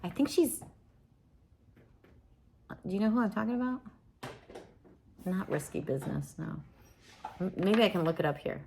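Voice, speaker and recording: A woman chats on a livestream from home, her voice sitting low with a gravelly fry. She rambles easily from one thought to the next and often restarts her sentences. Faint noise sits under the voice. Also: animated, normal speed, long pauses, warm tone. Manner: rambling, chatty, many restarts. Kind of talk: casual livestream chat.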